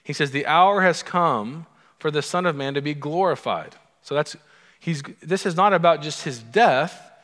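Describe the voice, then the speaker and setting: A man's voice: fairly high pitch, moderate pace, fairly bright tone. A man preaching a sermon as pastor, in a conversational, humorous storytelling manner. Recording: long hall reverb.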